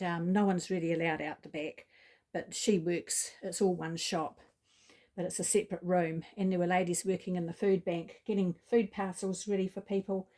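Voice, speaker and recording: Mellow-voiced woman telling a story. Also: lowish voice. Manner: chatty, lots of ums and asides. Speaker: vlogger. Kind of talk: casual storytelling.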